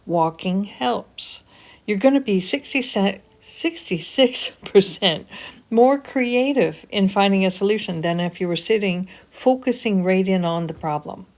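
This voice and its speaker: A woman's voice: mid-range voice, darkish tone. An older woman narrating her outdoor vlog in an earnest, encouraging, motivational way. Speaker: vlogger.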